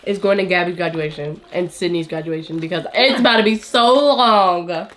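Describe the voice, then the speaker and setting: A woman's voice: fairly low pitch, normal speed, a bit bright. A young woman in her late teens hosting a casual vlog, chatting while eating, full of "like" and slang. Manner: chatty, heavy use of "like", slangy. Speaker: vlogger host.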